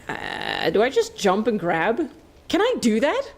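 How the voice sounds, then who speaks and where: A woman's voice: on the high side, huge pitch swings, measured pace. A woman streaming a game, chatting away casually, playful, laughing often and swearing freely. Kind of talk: casual live-stream chat while playing.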